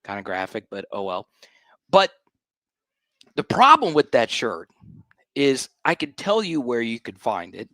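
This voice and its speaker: A man's voice: medium pitch, a little slow, long pauses, no echo. Hyped-up man ranting as a fan show host. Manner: hyped, animated, repeats himself for emphasis. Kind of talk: fired-up livestream fan rant.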